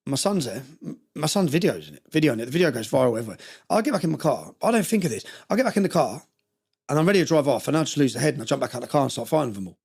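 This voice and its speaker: A man's voice: fairly high pitch, gravelly, a little mellow, slightly rough. A man telling personal stories in an interview, passionate and rambling with frequent restarts. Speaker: interview guest. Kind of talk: emotional personal storytelling.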